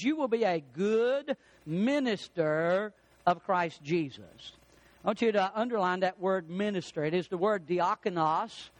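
A man's voice: sits high, no echo. A man preaching a sermon, emphatic, drawing out the words he stresses.

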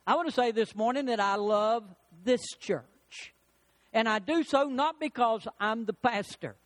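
A male pastor preaching a sermon in an emphatic, measured way, using rhetorical questions. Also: very high-pitched, expressive.

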